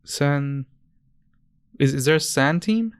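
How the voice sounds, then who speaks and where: A young man co-hosting a casual podcast, telling stories in a smooth, clear voice. He rambles and corrects himself as he goes, and the dry sound keeps him close to the mic. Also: fairly high pitch, lively intonation, takes it slowly, no echo. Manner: rambling, many restarts and self-corrections. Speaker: podcast co-host. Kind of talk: casual chat.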